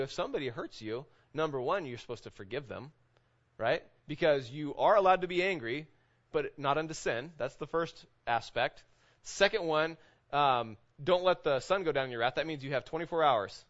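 A man's voice: on the high side, a bit bright. Conversational preacher man, lo-fi sound. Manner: conversational preaching, keeps asking "right?". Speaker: pastor. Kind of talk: sermon. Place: church sanctuary with congregation.

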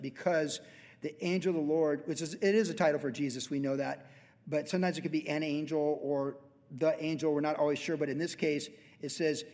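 A male pastor preaching a verse-by-verse sermon, joking and telling stories with quick put-on animal voices. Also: on the high side, a little mellow, in a large hall. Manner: jokey storytelling with animal voices.

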